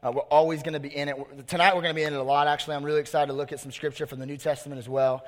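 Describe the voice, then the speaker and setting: Energetic casual youth pastor, man. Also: fairly high pitch, racing. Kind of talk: youth sermon. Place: large hall on a stage. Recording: long hall reverb.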